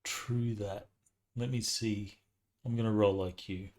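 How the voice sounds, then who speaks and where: A man playing a tabletop game, calmly describing his character's actions. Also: fairly low pitch, slow pace. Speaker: player.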